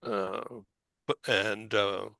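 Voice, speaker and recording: An older man hosting a talk show, telling a personal story in a halting way, with stumbles, fillers and small laughs. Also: lowish voice, flat delivery, gravelly, sharp tone, no room sound. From Boston area.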